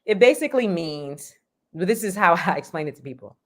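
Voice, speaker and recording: Low-pitched woman from Texas; teaching interview guest who asks rhetorical questions and laughs easily. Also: lively intonation, a little fast. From Houston, Texas. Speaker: script consultant, guest. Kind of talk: interview conversation.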